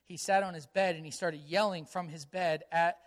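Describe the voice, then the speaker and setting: A man's voice: on the high side, steady tone, moderate pace. A man preaching a sermon as a pastor, earnest and conversational, repeating key phrases for emphasis and telling stories from his own family life.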